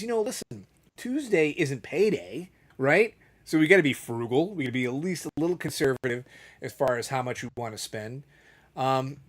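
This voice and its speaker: A middle-aged man co-hosting a casual chat, telling a rambling story and acting out the quotes. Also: on the high side. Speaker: podcast co-host.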